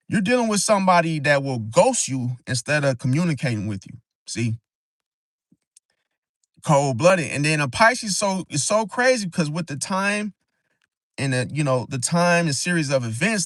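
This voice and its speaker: A man's voice: on the high side, a bit bright, dry recording. Emphatic man with a dry close voice. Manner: preachy, emphatic, keeps asking "see?". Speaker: astrology livestream host. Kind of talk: casual livestream talk.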